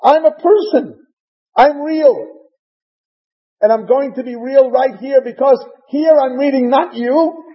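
A woman's voice: on the low side, animated, normal speed, creaky, long pauses, recorded from a distance, muffled recording. A man voicing a grieving, childless woman who pleads passionately that she is pouring out her heart to God. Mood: impassioned. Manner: pleading and impassioned.

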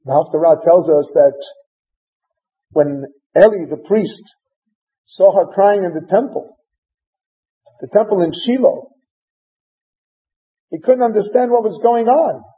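A man's voice: sits high, a little slow, pauses often. A man preaching a sermon, retelling scripture as a story and mixing in Hebrew terms. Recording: dull lo-fi recording.

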